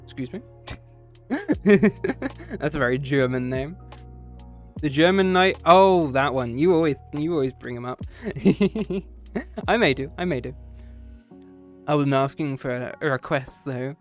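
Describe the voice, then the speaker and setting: A man's voice: a little high, expressive, a little slow, long pauses, soft background music. A man streaming a casual chat with his viewers after a history lesson, playful and teasing, often slipping into meows and growls.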